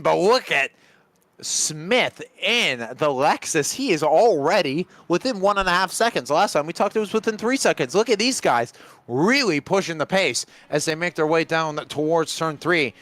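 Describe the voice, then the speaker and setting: A man giving live commentary on a sim race, chatty and getting excited in close battles. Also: fairly high pitch, dry recording. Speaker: lead commentator.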